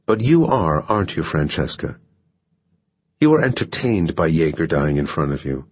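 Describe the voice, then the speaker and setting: A man's voice: rumbling low, very animated, normal speed, breathy edge, muffled recording, full character voice. A man voicing a cool, dry-witted male assassin with an understated delivery.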